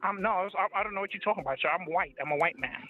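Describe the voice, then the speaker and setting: A prim, mock-earnest white American man, as a South African caller puts him on, polite to a fault and ending lines with sir. The voice sits on the high side and comes through a tinny phone line with faint music behind. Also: rapid-fire, natural voice.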